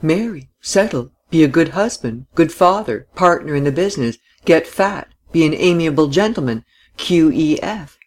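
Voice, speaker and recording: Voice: medium pitch, animated, normal speed, darkish tone, pitched above the performer's own voice. A reader voicing a weary, restless young man who answers lightly and dismissively in an audiobook. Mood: flippant. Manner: light, dismissive retorts that tail off. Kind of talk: audiobook dialogue reading.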